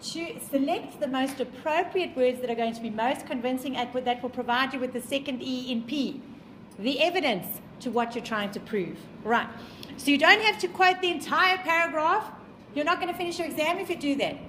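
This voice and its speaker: A woman's voice: high voice, moderate pace, pushed and bright, reverberant, a little hiss or hum, poor audio. A woman with a South African accent who teaches a class in an emphatic way, repeating her points and quizzing her students. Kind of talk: classroom lecture.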